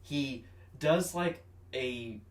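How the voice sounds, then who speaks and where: A man co-hosting a podcast in casual chat, relaxed and wry while explaining martial arts details. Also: mid-range voice, drawn-out words. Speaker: podcast co-host. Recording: roomy room, mic at a distance.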